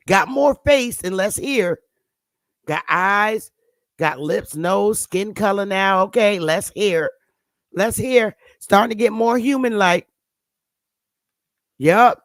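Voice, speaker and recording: A woman's voice: mid-range voice, expressive, takes it slowly, long pauses, no room sound. A woman hosting her channel, giving blunt, sarcastic casual commentary on pictures and scolding her viewers. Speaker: channel host.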